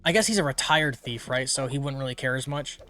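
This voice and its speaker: A man's voice: mid-range voice, fast, sharp tone, faint music behind. Chatty man streaming a game. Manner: rambling, many fillers, chatty. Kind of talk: casual gameplay commentary.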